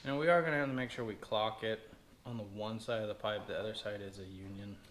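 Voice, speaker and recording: A man's voice: on the low side, fairly even intonation, quick pace, echoey room, heavy background noise. Man chatting through a repair job. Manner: talks to himself while working, jokey asides. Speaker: DIY repair vlogger. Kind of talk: casual talk while working.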